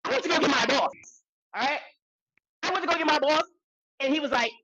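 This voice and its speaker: A woman co-hosting a podcast, telling a story in a loose, animated way, repeating lines for emphasis and swearing freely. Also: high-pitched, a little fast, background noise. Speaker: podcast co-host. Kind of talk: casual storytelling chat.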